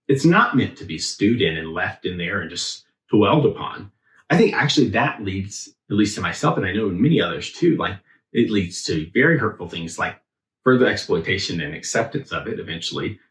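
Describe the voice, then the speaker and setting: Man, lowish voice, relaxed chatty sermon full of fillers, echoey church room. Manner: loose, thinking aloud, heavy on filler words. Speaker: preacher. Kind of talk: casual conversational sermon. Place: church sanctuary.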